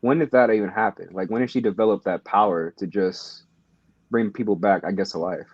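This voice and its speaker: A man's voice: on the low side, fairly quick, breathy edge, no room sound. A man co-hosting a podcast, chatting in a laid-back way, laughing often and swearing casually. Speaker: podcast co-host. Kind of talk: casual chat. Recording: dull lo-fi sound.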